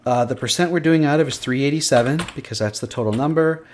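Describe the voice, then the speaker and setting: A man's voice: mid-range voice, fast talker, a little hiss or hum. Man muttering through a spreadsheet demo. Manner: thinking aloud, muttering to himself. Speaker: instructor. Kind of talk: screen-recorded spreadsheet demo. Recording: faint clicking and typing behind.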